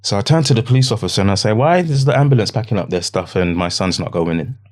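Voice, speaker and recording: Man, very deep voice, podcast guest, halting, repeats himself, hushed at times. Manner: halting, repeats phrases, quotes his own words; often drops to a hushed, low voice. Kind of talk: emotional personal account.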